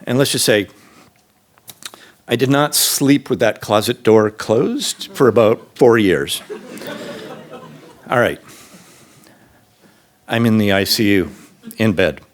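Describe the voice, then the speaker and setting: A man in his fifties or sixties telling a true story on stage to a live audience, casual and unscripted, jumping to a high excited voice when he quotes himself. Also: slow pace, long pauses. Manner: casual, with fillers and restarts. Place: stage in a public venue.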